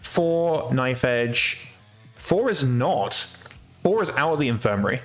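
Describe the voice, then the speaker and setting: A man's voice: mid-range voice, very animated, slow, soft background music. A man streaming a video game, chatting casually, swearing freely and laughing at his own mistakes. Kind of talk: casual let's-play commentary.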